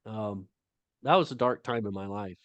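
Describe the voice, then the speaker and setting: A middle-aged man, a guest author, talking casually on a video call, halting often with fillers. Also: lowish voice, dry recording, dull audio. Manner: halting storytelling with many fillers.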